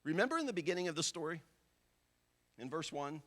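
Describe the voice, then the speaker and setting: Male pastor with a high voice, conversational sermon that acts out people's inner thoughts. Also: sing-song, a little fast, fairly bright tone. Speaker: visiting pastor.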